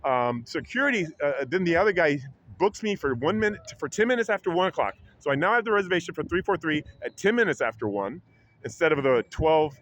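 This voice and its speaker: A man tells a story straight to the camera, rambling and restarting a lot. His voice sits a bit high, and he acts out other people's lines. The recording is a little dull, with a faint hum behind him. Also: fairly bright tone. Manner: rambling with many restarts, acts out quotes in a higher voice. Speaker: vlogger. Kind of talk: casual retelling of an incident. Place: public library.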